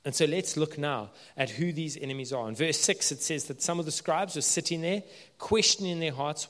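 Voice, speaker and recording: A male pastor giving an earnest sermon, building to emphatic peaks and dropping low and slow for weight. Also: fairly bright tone, long reverb tail.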